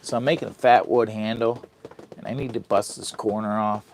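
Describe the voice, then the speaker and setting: A folksy man talking away in a tent while it rains, greeting his viewers by name and chatting about his fire and his whittling. His voice sits a little low, and a faint patter of rain and clicks sits behind him. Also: steady tone, normal speed, a little hiss or hum. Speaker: camping vlogger. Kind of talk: casual live-stream chat. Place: inside a heated tent in the rain.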